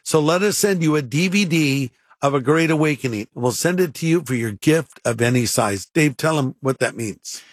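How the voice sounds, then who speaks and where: A man's voice: fairly high pitch, lively intonation, moderate pace, hardly any pauses, dry recording, clean studio sound. An older man, a pastor on a radio program, earnestly leading a prayer and talking about faith and history. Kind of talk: radio sermon and pitch talk.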